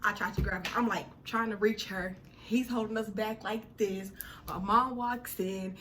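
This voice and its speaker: A young woman telling a personal story in a casual, animated way, full of slang and dramatic retellings. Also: medium pitch, moderate pace, slight background noise.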